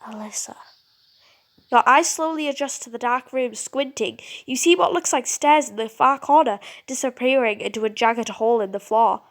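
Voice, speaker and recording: A young woman playing a story game, reading the narration aloud in an expressive, dramatic way. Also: high-pitched, moderate pace, hardly any pauses. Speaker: gaming creator.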